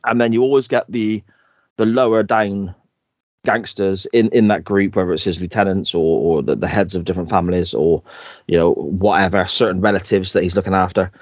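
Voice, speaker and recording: Speaking low and steady at a brisk clip, a male podcast co-host tells the story of an episode in a loose, chatty recap, often breaking into laughter. There's no room sound on the recording.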